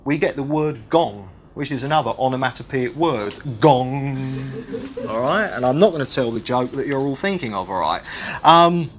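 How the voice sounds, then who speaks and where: A man's voice: mid-range voice, animated, brisk, background noise. A man preaching a sermon, teaching with repetition and humorous asides.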